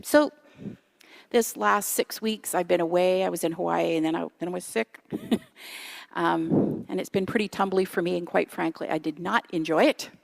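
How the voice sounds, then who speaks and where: A woman's voice: on the low side, normal speed, vocal fry. A woman in her fifties giving a conversational sermon in a church, chatty and self-deprecating, often asking the audience questions. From Canada. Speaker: guest speaker. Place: church sanctuary.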